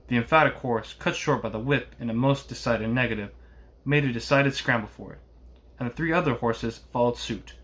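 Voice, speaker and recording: A man reading a classic novel aloud in a steady voice, with occasional small slips. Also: mid-range voice, brisk. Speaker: reader.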